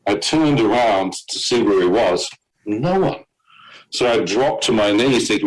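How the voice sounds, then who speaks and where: Low-voiced man telling a dramatic testimony. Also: animated, a little slow, poor audio. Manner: vivid storyteller with fillers and short laughs. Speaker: guest giving a testimony. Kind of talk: personal testimony storytelling.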